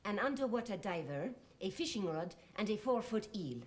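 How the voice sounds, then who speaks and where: An actress playing a deadly serious young French resistance woman, speaking slowly and secretively in a put-on French accent. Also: mid-range voice, expressive, darkish tone, close to an everyday voice. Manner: solemn, secretive, deliberate. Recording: noisy old TV clip.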